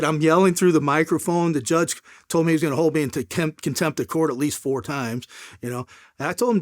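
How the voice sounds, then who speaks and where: A middle-aged man telling a long story as an interview guest, in a casual, animated way, acting out the people in it. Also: fairly high pitch, brisk, no echo, clean studio sound.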